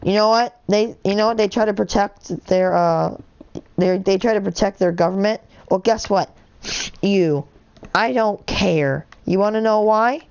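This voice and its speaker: A woman's voice: mid-range voice, a little slow, a little mellow, clear, resonant tone. A woman streaming a game live, ranting in a heated, indignant way with lots of fillers and restarts. She is from the United States. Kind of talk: rambling live-stream rant while gaming.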